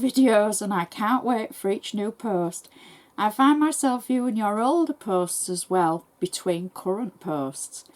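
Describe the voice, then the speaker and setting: An English woman who hosts crafting tutorials, reading viewer messages aloud in a brisk, chatty and thankful way. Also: mid-range voice. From England.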